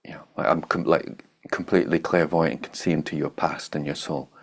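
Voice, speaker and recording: Casting: man, very low voice, meditation teacher giving a loose, blunt, joking dharma talk. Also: fairly even intonation, fairly quick, breathy edge. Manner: blunt, joking, laughs at his own points. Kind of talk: informal spiritual talk.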